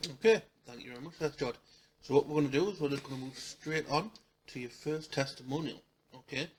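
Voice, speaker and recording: A man hosting an interview, briskly moving the guest on with short guiding questions. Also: on the high side. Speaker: interview host. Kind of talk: casual interview.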